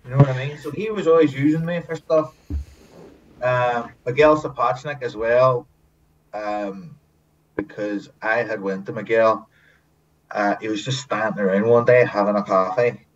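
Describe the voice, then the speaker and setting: A man guest telling casual stories in a lively way, swearing often and acting out what others said. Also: mid-range voice, moderate pace. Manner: lively storyteller, swears often, acts out quotes. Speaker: guest, former TV extra. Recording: distant mic, dull lo-fi sound, faint hiss.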